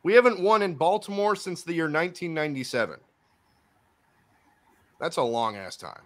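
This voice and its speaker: A man hosting a casual sports podcast. His voice sits a bit high and moves all over the place. He swings between loud, animated remarks and quiet muttered asides as he gives his picks. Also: moderate pace. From Miami Dolphins fan. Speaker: podcast host.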